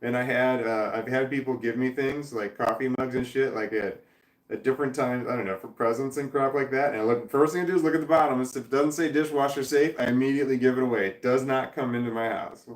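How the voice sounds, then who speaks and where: A middle-aged man with a medium-pitched voice rambles through a casual chat, tripping over restarts and dropping blunt curses. His voice bounces around a roomy, echoey space. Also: steady tone, fast. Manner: rambling, frequent restarts and fillers, blunt swearing. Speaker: vlogger reading viewer comments.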